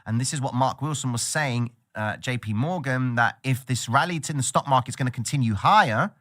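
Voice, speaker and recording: Guy on a trading livestream, bright voice, excitable and slangy. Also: medium pitch, brisk. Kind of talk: casual market commentary.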